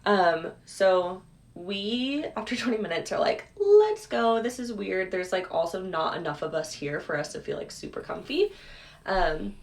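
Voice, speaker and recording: A woman's voice: lowish voice, lively intonation, normal speed. A young woman casually telling a story, chatty, full of "like" and "um". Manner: chatty, lots of "like" and "um". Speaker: clip guest telling a story.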